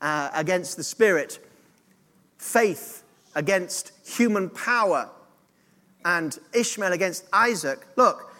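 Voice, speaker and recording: A man's voice: sits high, expressive, takes it slowly, bright, forceful tone, big-room sound. A man preaching a sermon as pastor, earnest and direct, drawing the congregation into call-and-response.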